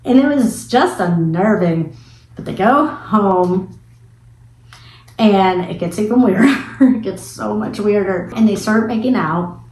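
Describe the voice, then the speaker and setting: A woman giving a casual spoiler review of a film, retelling scenes in an animated, chatty way with some casual swearing. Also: medium pitch, measured pace. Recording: echoey room.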